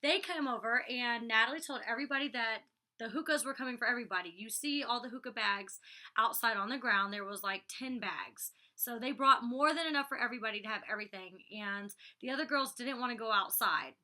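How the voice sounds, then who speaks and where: A woman's voice: fairly high pitch, brisk, sharp tone. A woman in her twenties chatting through a casual vlog recap, saying "like" and "you know" a lot. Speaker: reality show cast member recapping an episode.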